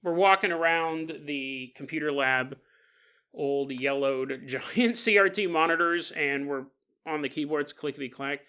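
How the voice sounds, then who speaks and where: A man's voice: fairly high pitch, a little slow, clear, resonant tone. A man in his forties hosting a podcast, telling a paranormal story with jokes and silly put-on voices. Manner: jokey, animated, puts on silly voices for listeners. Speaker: podcast host.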